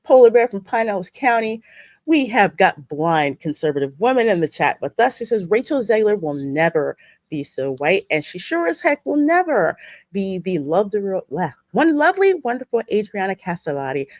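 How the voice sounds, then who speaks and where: A woman hosts a live podcast stream, greeting viewers by name in a chatty, effusive manner and laughing often. Her medium-pitched voice is very animated at a moderate pace, with clean studio sound and no room sound.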